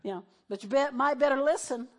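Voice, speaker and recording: A middle-aged woman pastor delivers a sermon with a high, bright-pitched voice. She preaches conversationally, talking straight to her congregation and acting out the voices she quotes. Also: brisk.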